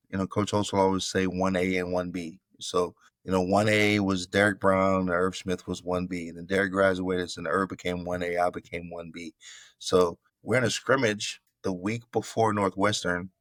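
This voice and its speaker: Low-voiced man telling a story over a video call. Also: no echo. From Florida. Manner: animated storyteller acting out quotes, calls host bro. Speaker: podcast guest, former football player. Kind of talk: casual storytelling interview.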